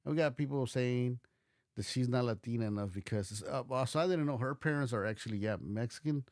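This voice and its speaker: A man's voice: medium pitch, a little fast, a little mellow, dry recording, clean studio sound. A man hosting a livestream, reacting in a casual, rambling way with lots of restarts and fillers, and swearing now and then. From United States. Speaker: livestream host.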